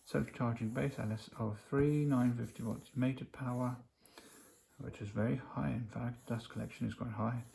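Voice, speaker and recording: A man's voice: mid-range voice, fairly even intonation, normal speed, creaky, warm tone. A man casually unboxing a gadget, rambling with many fillers as he reads the specs off the box aloud. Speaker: unboxing vlogger. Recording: noisy home recording.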